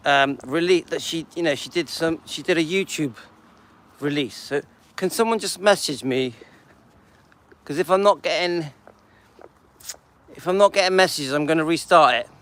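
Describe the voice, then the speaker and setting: A man's voice: fairly high pitch, normal speed, pauses often, fairly bright tone. An older man hosting a casual live stream while walking outdoors through a seaside town, chatting and greeting viewers by name.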